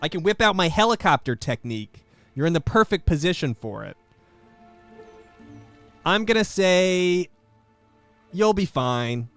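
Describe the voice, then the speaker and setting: A young man streaming a game, giving live commentary with sarcastic, deadpan jokes. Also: sits high, unhurried, pauses often, no echo, soft background music.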